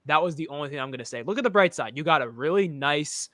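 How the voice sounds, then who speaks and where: A man's voice: fairly high pitch, lively intonation, fast talker, pushed and bright, no echo, studio quality. A young man from the United States co-hosting a casual sports chat, opinionated and rambling, often restarting his sentences. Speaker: podcast co-host.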